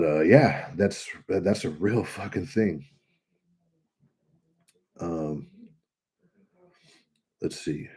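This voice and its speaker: A man's voice: low voice, breathy edge. A young man from California, chatting casually and bluntly with lots of swearing while telling stories. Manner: blunt, profane, animated storytelling. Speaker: trucker vlogger answering comments. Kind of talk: casual livestream chat.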